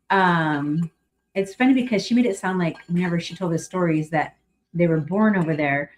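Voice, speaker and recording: A middle-aged woman from California chats her way through a casual livestream. Her pitch sits in the middle of the range. She talks in a loose, rambling way, full of ums and restarts, and goes bright and gushing whenever she welcomes someone. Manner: chatty and rambling, with many fillers and restarts; bright and effusive when greeting viewers. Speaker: livestream host.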